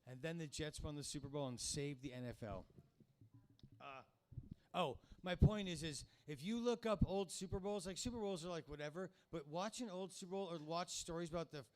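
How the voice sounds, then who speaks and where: A man's voice: on the high side, moderate pace, a little hiss or hum. A man in his fifties hosting a comedy show, talking to the crowd in a rambling, profane, conversational stand-up manner. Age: 50s. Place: comedy club stage.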